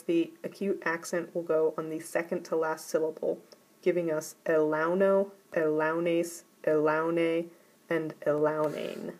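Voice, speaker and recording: A woman teacher giving a recorded grammar lesson, explaining rules in a careful, deliberate way. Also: fairly low pitch, darkish tone, rough recording.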